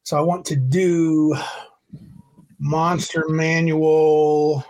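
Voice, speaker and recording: A man's voice: on the high side, level tone, extremely slow, darkish tone. A man hosting a casual tabletop game podcast over a video call, rambling and correcting himself as he reads rules aloud. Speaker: podcast host.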